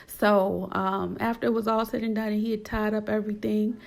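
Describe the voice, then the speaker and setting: A woman telling a personal story casually and with animation, acting out quoted lines in a higher voice. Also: flat delivery, fairly quick, vocal fry.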